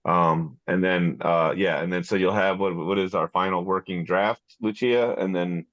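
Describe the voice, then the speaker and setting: Gravelly low-voiced man chairing a meeting. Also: fairly even intonation, fairly bright tone, no room sound, dull audio. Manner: halting, repeats words. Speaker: board chair running a meeting. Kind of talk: casual meeting discussion. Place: town planning board meeting.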